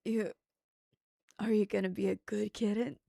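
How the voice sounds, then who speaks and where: A woman putting on a low, flirty man's voice that calls someone kitten, murmured and half-whispered. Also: flat delivery, normal speed, creaky, dark tone, slight background noise, natural voice. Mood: teasing.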